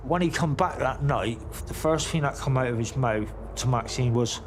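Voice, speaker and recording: A man tells his story plainly and bluntly, swearing freely as he goes. His voice sits at a middling pitch. A faint hiss runs under the recording. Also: moderate pace. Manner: informal, blunt, swears often. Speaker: interviewee. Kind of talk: recounting events to camera.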